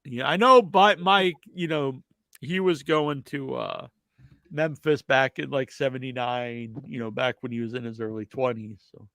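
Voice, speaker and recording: Stuffed up and chatting casually, a man hosting a live-stream podcast works through viewer questions with a rambling manner and frequent fillers. He has a mid-range, fairly bright voice with fairly even intonation and a measured pace, and there's no echo.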